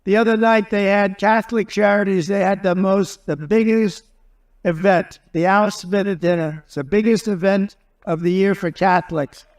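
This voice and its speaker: A man with a raised, fairly high speaking voice works through a loose rally speech. He wanders from point to point, stacking repeated phrases. His tone stays combative and sure of itself. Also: steady tone, moderate pace. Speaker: political candidate.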